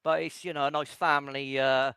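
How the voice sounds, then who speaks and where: A man's voice: fairly high pitch, flat delivery, fairly quick, creaky, pushed and bright, clean tone, no room sound. A man, a racing driver, giving a rambling, joking post-race interview full of teasing banter.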